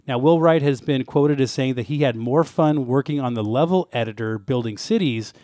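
A man's voice: mid-range voice, moderate pace, dark tone, no room sound, studio quality. A man co-hosting a casual podcast, reading through game history notes and laughing often. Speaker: podcast co-host.

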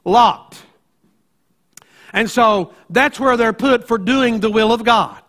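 A male pastor preaching a sermon, moving from conversational teaching into loud, emphatic preaching. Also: extremely high pitch, slow pace.

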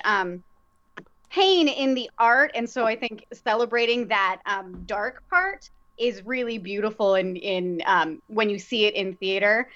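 A woman with a fairly high voice talks casually as a guest, reflective and a little halting, full of ums as she finds her words. The recording is muffled and lo-fi. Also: a bit bright. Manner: reflective, searching for words with many fillers. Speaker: guest, theater director and actor. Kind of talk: casual conversation. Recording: dull lo-fi sound.

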